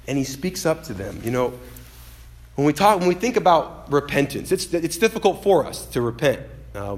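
A man preaching a sermon in an animated way, acting out the voices he quotes and swinging between loud and hushed delivery. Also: mid-range voice. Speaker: pastor.

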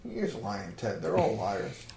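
A man's voice: lowish voice, huge pitch swings, measured pace, gravelly, a little mellow, slight background noise. A man joking in sarcastic, mock-conspiratorial banter, often swearing as he co-hosts a comedy podcast. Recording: roomy echo.

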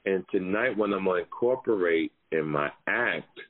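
A man hosting a podcast, chatting casually with a caller and giving life advice in an animated way. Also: low voice, moderate pace. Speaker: podcast host and comedian. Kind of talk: casual phone chat. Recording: phone-line call audio.

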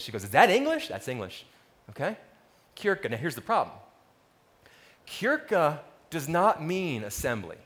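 Animated preacher man, lively pitch. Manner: animated, ad-libbing storyteller with playful asides. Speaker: pastor. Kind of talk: sermon.

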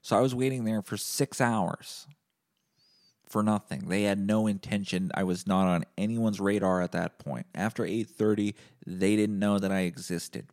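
Man, podcast host, deadpan comedic rant, profane, plays both sides of the argument. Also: on the low side, normal speed.

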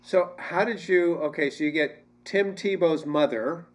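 A man's voice: a little high, measured pace. Earnest man hosting a Christian talk show. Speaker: host.

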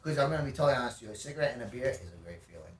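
Animated, swearing man in an echoey room. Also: mid-range voice, rapid-fire, recorded from a distance, slight background noise. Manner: animated, profane, laughs while telling stories. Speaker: podcast guest. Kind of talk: casual chat, storytelling. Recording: echoey room, a bit away from the mic.

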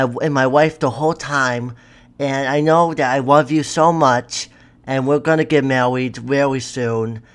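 A man's voice: mid-range voice, fairly bright tone, smooth, lightly acted. A man doing a gushing lovesick twelve-year-old boy. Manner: gushing, breathless run-on declarations.

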